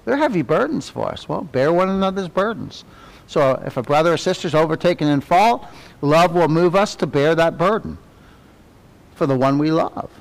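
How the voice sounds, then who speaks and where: A middle-aged man leads a Sunday school class in a church. His voice sits a little high, and he talks in an animated way, tossing tag questions at the class. On reverent words he drops to a soft, low murmur. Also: normal speed, gravelly. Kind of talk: conversational Bible teaching.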